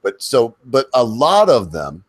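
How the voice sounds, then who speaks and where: A man co-hosting a casual live-stream chat over a video call, asking questions in a rambling, halting way full of "you know" fillers. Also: medium pitch, huge pitch swings, breathy edge, dry recording. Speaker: podcast co-host interviewing a guest.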